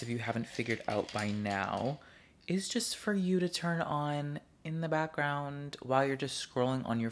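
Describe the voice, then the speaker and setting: A young man hosting his own podcast from his couch at home, chatting casually and rambling from one topic to the next. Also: mid-range voice. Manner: rambling, chatty, easily sidetracked. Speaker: podcast host. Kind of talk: casual solo podcast chat. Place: living room couch at home.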